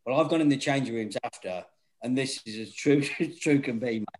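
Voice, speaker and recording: A man's voice: medium pitch, brisk. A middle-aged man, telling rowdy anecdotes in casual chat, laughing often and swearing freely. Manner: laughing, swearing, animated storytelling.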